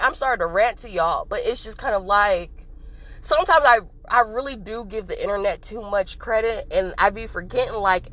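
A woman's voice: on the high side, a bit bright, poor audio. A young woman ranting casually and bluntly to her viewers, swearing freely and filling her talk with "like". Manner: profane, blunt, heated, lots of "like" fillers. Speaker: vlogger.

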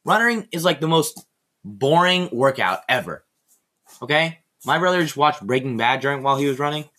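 A man's voice: mid-range voice, lively intonation, brisk, bright, forceful tone. A teenage boy hosting a casual solo podcast, ranting in a rambling, sarcastic, easily exasperated way. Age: teen. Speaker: podcast host.

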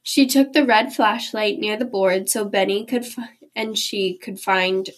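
A woman reading a children's chapter book aloud in a clear, gentle storytelling voice. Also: mid-range voice, steady tone, a little slow, rough recording. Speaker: reader.

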